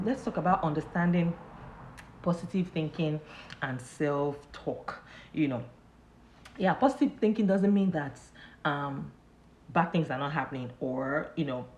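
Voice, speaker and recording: In a reverberant space, a woman with a low voice leads a loose, informal live motivational talk. She repeats herself, leans heavily on "you know," and keeps laughing as she tells her stories.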